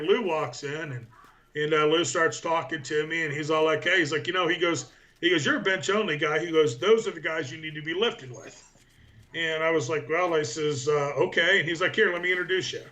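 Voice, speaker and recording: Male powerlifter guest, 40s, casual storyteller, filler-heavy and rambling, bright tone. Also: on the high side. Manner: rambling anecdotes with many fillers.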